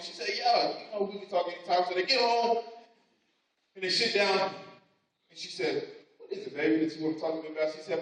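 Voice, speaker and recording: A man's voice: high-pitched, brisk, fairly bright tone. A man preaching a sermon, telling a story and speaking the mother's and daughter's lines in his own voice. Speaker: pastor. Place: church sanctuary. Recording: echoey church hall, mic from a distance.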